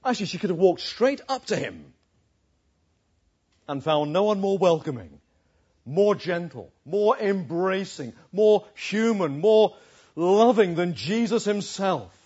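A male preacher with a high, very animated voice and a husky edge delivers an emphatic sermon. He leans on rhetorical questions. The recording sounds slightly dull and lo-fi. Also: a little slow.

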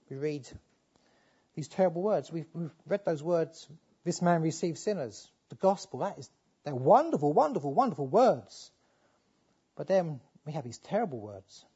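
A man preaching with a high voice that is dark and husky in tone. He pleads with his listeners, swinging from fervent appeals down to quiet, low passages. The recording sounds muffled and lo-fi. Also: sing-song, measured pace, pauses often. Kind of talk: sermon.

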